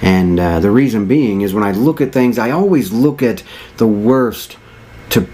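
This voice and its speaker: A man's voice: fairly low pitch, animated, normal speed, mellow. A man in his thirties telling a personal story in an earnest, reflective way, rambling and restarting as he goes. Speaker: motivational vlogger.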